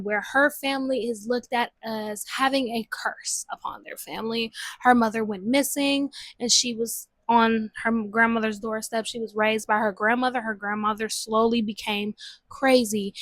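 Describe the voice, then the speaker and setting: Young female book vlogger, high-ish voice, dry room sound, casual and slangy. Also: no echo. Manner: chatty, slangy, lively. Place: home room with a TV.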